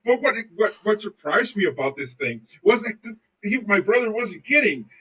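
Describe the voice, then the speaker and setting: A man's voice: sits high, big pitch swings, normal speed, fairly bright tone, slightly rough, recorded from a distance, poor audio. A man co-hosting a podcast, chatting casually and telling loose, profane stories full of swearing. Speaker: podcast co-host. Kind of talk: casual chat, rambling storytelling.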